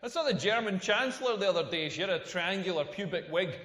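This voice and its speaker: Brash Scottish stand-up comic in an echoey hall. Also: male voice, sits high, expressive, fast talker, fairly bright tone. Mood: bawdy. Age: 40s. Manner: brash, rambling, punchline-driven banter. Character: crude, self-mocking middle-aged male stand-up comic. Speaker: stand-up comedian. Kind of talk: stand-up comedy routine. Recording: echoey hall with faint noise.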